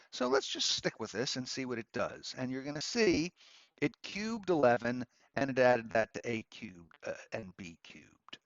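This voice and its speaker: A man teaching a lesson while working at his computer, talking in a relaxed, chatty way full of ums and asides. His pitch rises and falls in a lively way. The recording is dry and somewhat dull, like a simple desk microphone. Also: creaky, no room sound. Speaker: law professor teaching a course. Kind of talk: screen-recorded lecture.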